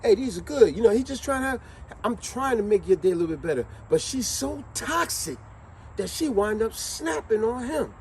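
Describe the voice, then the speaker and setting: Man, vlog host, high and very lively voice, storyteller energy, faint hiss behind. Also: normal speed. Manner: animated storytelling, acts out quotes. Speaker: vlogger host. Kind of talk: casual motivational monologue.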